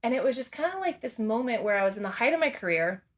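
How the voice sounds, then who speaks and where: A woman with a fairly high voice chats casually as a podcast guest. She talks in loose, rambling runs and swears without a second thought. Laughter keeps breaking into her sentences. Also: very animated, quick pace. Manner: rambling and candid, swears freely; laughs often between thoughts. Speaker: interview guest. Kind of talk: casual interview chat.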